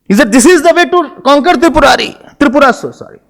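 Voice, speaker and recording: A man's voice: extremely high pitch, fast talker, vocal fry. A man with an Indian English accent giving a spiritual sermon, telling stories and voicing the figures in them. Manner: animated storytelling, voicing figures in dialogue. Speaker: spiritual teacher.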